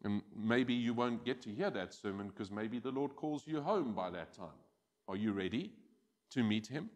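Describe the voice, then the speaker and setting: A man preaching a sermon as pastor, animated and acting out quoted voices. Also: lowish voice, normal speed. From South Africa. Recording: church hall with long reverb.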